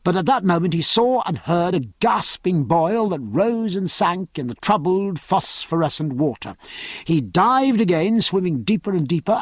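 A man narrating a novel as an audiobook in a measured, steady reading, recorded on a close studio mic. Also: high-pitched, no echo.

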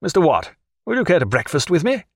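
A reserved naval captain speaking in formal, courteous sentences, read by a man. The voice rises a little above the narration and moves quickly in a close, dry recording. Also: fairly high pitch, wildly swooping pitch, no room sound, pitched above the performer's own voice, heavily acted.

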